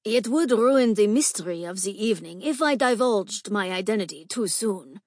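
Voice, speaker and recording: A woman voicing a young woman faking a raspy, masculine gentleman's voice in an audiobook. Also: mid-range voice, animated, normal speed, no room sound, studio quality, natural voice. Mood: evasive.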